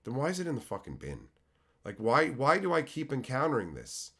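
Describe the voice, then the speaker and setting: A man's voice: medium pitch, huge pitch swings, brisk, fairly bright tone, husky. A man in his thirties from Canada, ranting on his stream with heated sarcasm and constant swearing. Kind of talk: profane ranting.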